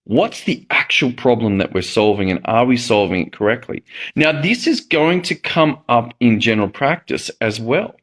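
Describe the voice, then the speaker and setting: A man's voice: mid-range voice, expressive, normal speed, a bit bright. A middle-aged man telling a personal story in a casual monologue, acting out the reactions he quotes. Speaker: medical educator and host.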